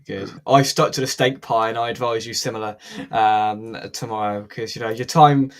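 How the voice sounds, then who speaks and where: A man's voice: on the low side, steady tone, moderate pace. A man hosting a casual football fan chat, joking and laughing often. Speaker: podcast host.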